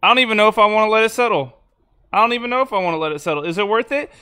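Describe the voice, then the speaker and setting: A young man live-streams to his chat in a casual, rambling way, his high voice rapid-fire, pushed and bright. He sounds exasperated and stammers through restarts as he talks.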